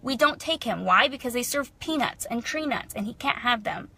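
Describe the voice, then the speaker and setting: Bright-voiced mom venting on a vlog. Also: female voice, a little high, lively intonation, normal speed. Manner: chatty, heated, frustrated, lots of fillers. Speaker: mother, vlogger. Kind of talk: casual vlog monologue.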